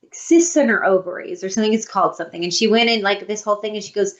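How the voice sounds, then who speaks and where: Speaking at a racing clip with a medium-pitched voice, this woman co-hosts a podcast, sharing heartfelt, casual conversation. Her stories are lively, and she acts out the words of the people she quotes, all captured in a slightly dull lo-fi recording.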